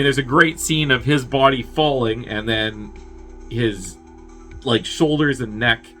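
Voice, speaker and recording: Bright, forceful man recapping a movie. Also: fairly low pitch. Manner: rambling, profane, with chuckling asides. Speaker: movie reviewer. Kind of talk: casual plot recap.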